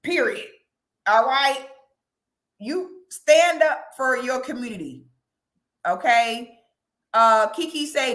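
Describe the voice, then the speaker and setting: Sassy, animated woman vlogger. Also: high voice, slow, pauses often, roomy sound. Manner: sassy, animated, breaks into loud laughing shrieks. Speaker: commentary vlogger. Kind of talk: casual reaction commentary.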